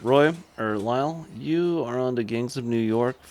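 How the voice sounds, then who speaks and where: A man's voice: medium pitch, unhurried, a little mellow. A man co-hosting a podcast, chatting casually and joking with friends. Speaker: podcast co-host. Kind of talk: casual chat.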